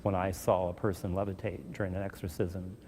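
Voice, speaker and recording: A man, a Catholic exorcist priest, calmly telling his experiences in an interview and acting out the voices he heard. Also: low voice, a little fast, slight background noise. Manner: calm storytelling, acts out voices.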